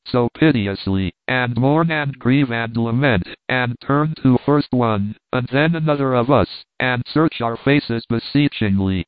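A male audiobook narrator reads a first-person story in a measured, earnest way at a middle pitch. The sound is thin and phone-like, dry and close with no room echo.

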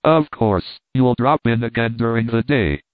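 A man's voice: mid-range voice, unhurried, clear, resonant tone, no echo, lightly acted. A man putting on a bossy scolding old aunt. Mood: chiding. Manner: chiding, loud, commanding. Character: scolding fussy older aunt, motherly and bossy. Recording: tinny phone-like line, dry.

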